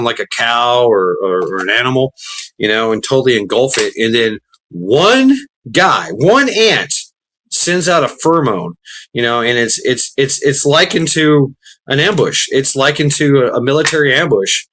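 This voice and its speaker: A man's voice: medium pitch, lively intonation, unhurried, fairly bright tone. A man chatting casually while gaming, rambling with many restarts and fillers, swearing freely.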